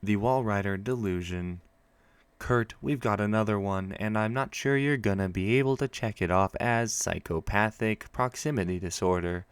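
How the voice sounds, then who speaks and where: A man putting on an uneasy asylum staffer, reading out a memo in a low, steady voice. The delivery is matter-of-fact, with small spoken asides along the way. The sound is close and dry, with no room around it. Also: normal speed, clean tone, no echo, close to an everyday voice. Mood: concerned. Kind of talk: reading a game document aloud.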